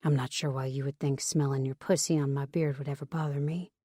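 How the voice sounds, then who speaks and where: A gruff bearded man teases his lover in a low, husky voice, as a woman narrator puts him on. The reading is close and dry, with no room sound. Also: steady tone, brisk, warm tone, no echo. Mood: teasing.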